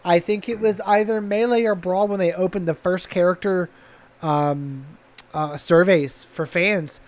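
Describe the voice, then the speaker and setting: A man's voice: high-pitched, steady tone, unhurried, a little mellow. A man co-hosting a gaming podcast, talking in an enthusiastic and rambling way with frequent restarts. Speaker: podcast co-host. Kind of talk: casual chat.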